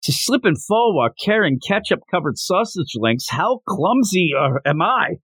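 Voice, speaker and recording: A man voices a clumsy old male retired hero who grumbles and mutters to himself, using an exaggerated voice pitched above his own. It's high-pitched and husky with big pitch swings, a fairly bright tone, and normal speed. The recording is dry with clean studio sound.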